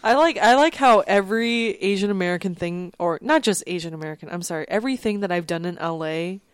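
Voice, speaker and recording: A woman from Minnesota, a podcast guest, chatting excitedly about her indie film. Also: fairly low pitch, fast, clean tone, no room sound. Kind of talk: casual podcast chat.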